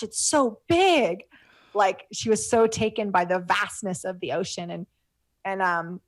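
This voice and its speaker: A woman's voice: fairly low pitch, no echo. A middle-aged woman telling stories as a guest in an interview. She rambles, with many fillers and restarts, and is moved to tears as she talks. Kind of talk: casual interview talk.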